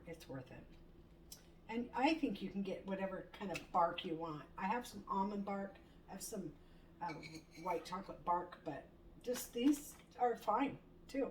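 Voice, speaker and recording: A middle-aged woman chatting casually in her home kitchen while she cooks, telling a story with animated quoted lines and the odd swear. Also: medium pitch, normal speed. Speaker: home cooking vlogger. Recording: distant mic, faint room noise.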